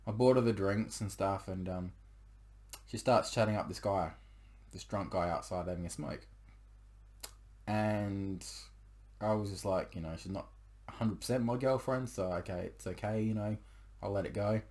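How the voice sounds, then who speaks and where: Rambling young man, low voice. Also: moderate pace, pauses often, a little mellow. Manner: rambling, with many fillers and restarts. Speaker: storyteller sharing a personal breakup story. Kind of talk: casual confessional storytelling.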